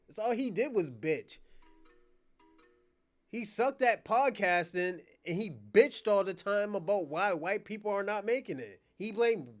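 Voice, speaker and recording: A man hosts his own stream and rants straight at his chat. His voice sits very high and leaps all over the place. He curses freely and mocks his critics. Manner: profane, combative, addresses chat directly; mocking, laughs between jabs. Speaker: channel host. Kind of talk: livestream rant.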